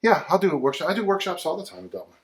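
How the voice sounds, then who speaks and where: A man's voice: high-pitched, sing-song, rapid-fire. A man who is a strength coach, chatting casually and rambling between sets of kettlebell swings during a livestream, chuckling often as he talks. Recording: roomy sound from a distant mic.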